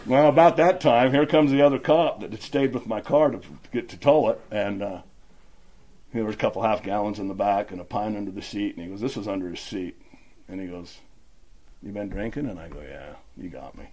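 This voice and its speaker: A man's voice: lowish voice, brisk, darkish tone. A middle-aged man from Utah telling his recovery story at a meeting, rambling and acting out the dialogue. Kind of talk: personal recovery story, casual.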